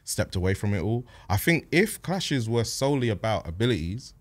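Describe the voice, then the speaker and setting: Podcast guest: man, 30s, very low voice, laid-back and reflective. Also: normal speed. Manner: relaxed, thoughtful, many fillers. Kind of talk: casual podcast chat.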